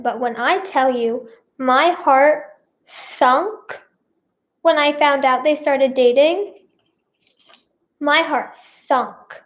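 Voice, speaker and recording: A high-pitched woman drawls slowly through a casual storytime. She rambles and doubles back with lots of fillers. She stretches out the emotional moments for drama. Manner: rambling, filler-heavy, repeats herself; dramatic emphasis on feelings. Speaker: singer and vlogger.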